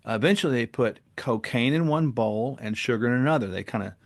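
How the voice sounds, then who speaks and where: A man talking as a podcast guest, telling stories in an earnest and animated way. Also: mid-range voice, brisk. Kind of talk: casual interview talk and storytelling.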